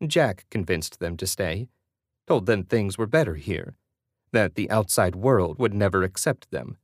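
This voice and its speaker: A male audiobook narrator with a lowish voice reads in a steady, even way. The recording is close and very dry, with no room around it. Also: a little slow, no echo. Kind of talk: scripted narration.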